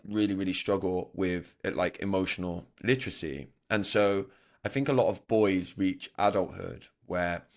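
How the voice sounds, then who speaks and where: A man with a very low voice hosts a podcast conversation. He thinks aloud as he speaks, circling back and restarting sentences while he reflects. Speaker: podcast host. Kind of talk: conversational interview.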